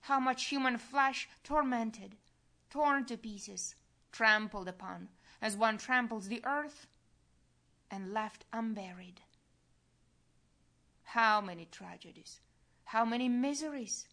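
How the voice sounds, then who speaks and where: A woman reads a devotional text aloud at a very slow, measured pace. Her voice sits somewhat high, and her delivery stays solemn and earnest throughout. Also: sharp tone. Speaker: reader. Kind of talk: devotional reading.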